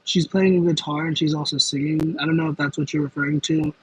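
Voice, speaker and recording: A man's voice: a little high, level tone, fast, a little hiss or hum, poor audio. A young man chatting casually on a livestream, answering viewer comments in a rambling, self-aware way. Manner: rambling, self-aware, with frequent fillers and laughs. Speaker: livestream host.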